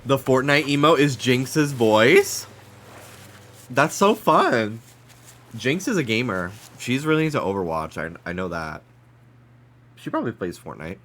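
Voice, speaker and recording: A man's voice: mid-range voice, big pitch swings, a little slow, pauses often, a bit bright. A man with a stuffy nose chatting casually and rambling as he streams a game, swearing freely.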